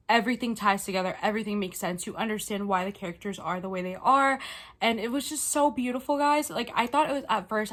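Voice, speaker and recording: A woman's voice: medium pitch, fairly bright tone. A woman book vlogger talking to camera in a casual, gushing, emotional way about her favorite reads.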